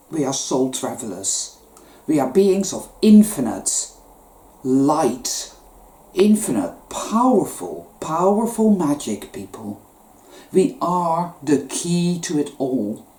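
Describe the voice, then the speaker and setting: A woman delivers an urgent spiritual monologue with gasps and the odd swear word. Her voice sits low and mellow yet swings widely in pitch. She sounds like she is in an echoey room. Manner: emotional, gasping, swearing, urgent. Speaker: spiritual vlogger.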